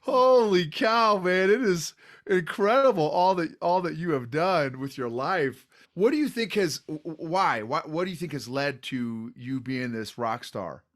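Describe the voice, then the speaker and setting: A man's voice: a little high, animated, measured pace. Laughing, eager podcast host man. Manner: eager and laughing often, loose and informal. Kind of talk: casual interview chat.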